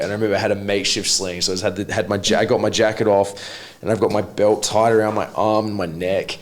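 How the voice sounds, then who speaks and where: Low-voiced man telling rambling stories. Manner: rambling, swears freely, many restarts. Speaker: guest, martial arts coach. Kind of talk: casual podcast storytelling.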